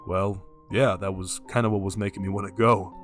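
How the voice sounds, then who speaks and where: A man's voice: low-pitched, steady tone, fairly quick, faint music behind, close to an everyday voice. A man voicing a big, klutzy, good-hearted teenage boy in a casual, slightly raised voice.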